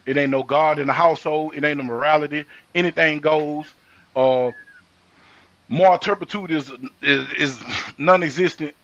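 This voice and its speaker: Man, forceful bright tone, emphatic, slangy, dull dry sound. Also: on the high side, steady tone, normal speed. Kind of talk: casual chat.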